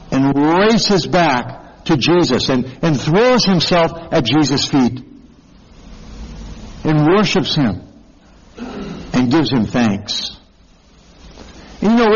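A man's voice: a little high, very animated, drawn-out words, pauses often, slightly rough, long reverb tail, lo-fi sound. A man preaching a sermon as pastor, earnest, who often turns to the listeners with questions. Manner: earnest, asks the congregation questions.

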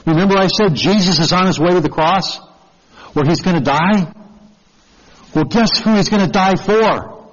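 A man's voice: high-pitched, normal speed, pauses often, long reverb tail, muffled recording. A man preaching a sermon as pastor, earnest, who often turns to the listeners with questions. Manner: earnest, asks the congregation questions.

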